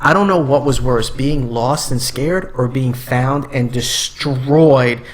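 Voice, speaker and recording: A young man co-hosting a podcast, telling stories in loose casual chat, swearing freely and jumping up into high voices for imitations. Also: slow pace. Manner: loose storytelling, swears a lot, jumps into high-pitched imitations. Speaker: podcast co-host.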